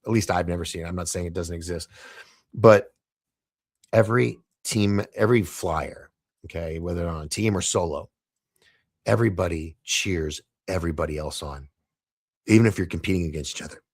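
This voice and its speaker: Raspy low guy on a podcast telling a story, laughing, tripping over his words, dry close sound. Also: moderate pace, no room sound. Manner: animated, laughing, stumbling restarts. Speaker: podcast guest. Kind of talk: casual storytelling.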